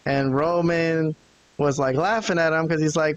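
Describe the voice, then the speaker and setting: On a laid-back wrestling recap podcast, this male co-host tells the week's stories with animation, performing the quotes of the people involved. He talks at a normal speed in a fairly high voice, and the recording has its highs cut off.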